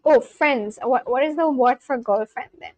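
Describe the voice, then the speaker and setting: A young woman chatting casually on a language-learning livestream, thinking aloud and sounding out foreign words slowly. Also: sits high, no room sound, poor audio.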